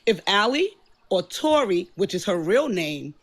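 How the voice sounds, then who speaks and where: A woman in her fifties calling into a livestream, speaking in a slow, emphatic, lecturing way. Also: medium pitch, sing-song. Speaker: caller. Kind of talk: earnest livestream commentary.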